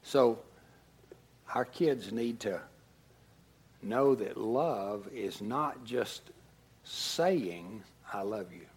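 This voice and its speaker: A middle-aged pastor preaching a sermon, telling a family story and dropping from hushed asides to loud outbursts. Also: male voice, lowish voice, animated, very slow, long pauses, slightly rough.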